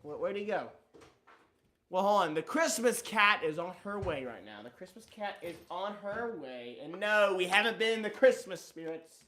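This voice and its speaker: A man's voice: on the high side, sharp tone. A man hosting a casual livestream chat, telling stories in a playful, joking way. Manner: playful, jokey storytelling. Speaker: livestream host.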